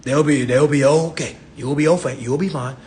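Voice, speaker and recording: A man's voice: a little high, steady tone, moderate pace, darkish tone, slight background noise. A man lecturing on a livestream in a streetwise, profane manner, laughing at his own jokes and slipping into mock voices. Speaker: financial self-help lecturer. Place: livestream at home.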